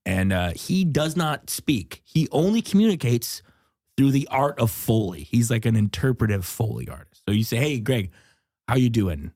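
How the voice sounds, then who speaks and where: Comedy podcast host, man, goofy and chatty, lively bouncing voice, quick to laugh. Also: medium pitch. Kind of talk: casual comedy podcast chat.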